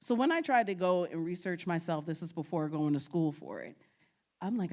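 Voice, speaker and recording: A woman's voice: on the low side, expressive, moderate pace, darkish tone. A woman from New York giving a humorous talk on genealogy research, telling stories, laughing often and talking straight to the audience. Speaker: guest speaker on genealogy.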